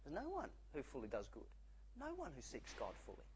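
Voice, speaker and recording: A male pastor preaching a sermon, animated and acting out the voices he quotes. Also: mid-range voice, brisk, slight background noise, rough recording.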